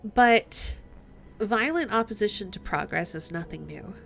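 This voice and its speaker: A woman streaming a game, softly reading the dialogue aloud and reflecting on it in casual chat. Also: medium pitch, lively intonation, measured pace, creaky, soft background music. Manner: reflective and soft-spoken, reading choices aloud.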